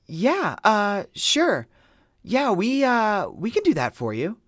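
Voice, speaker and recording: A man doing a flustered, high-voiced woman. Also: wildly swooping pitch, slow, fairly bright tone, no echo, clean studio sound, exaggerated voice. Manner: faltering, flustered. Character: stunned young woman agreeing.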